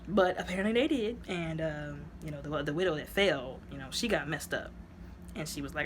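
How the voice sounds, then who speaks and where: A woman casually retelling a movie plot as a reviewer, in a chatty, rambling way full of "like" and "you know," her voice jumping up high when excited. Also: fairly quick, a little hiss or hum. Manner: sudden jumps up into high exclaiming tones.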